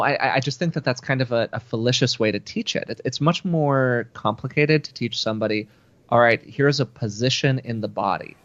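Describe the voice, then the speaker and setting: A man's voice: medium pitch, fairly bright tone, dry recording, dull audio. A man co-hosting a casual talk show, explaining his views thoughtfully with frequent restarts. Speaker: co-host. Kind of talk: casual podcast chat.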